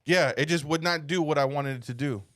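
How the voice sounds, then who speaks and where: A young man with a slightly raised voice tells a story on a comedy podcast. He rambles, swears freely and slips into loud shouted impressions of himself and others. The whole thing is loose, casual chat between friends. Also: a little high, a little fast.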